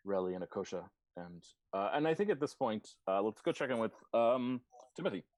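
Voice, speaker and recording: A man narrating as game master of a tabletop game, relaxed and amused, with many fillers. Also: fairly low pitch, fairly quick, dry recording, studio quality.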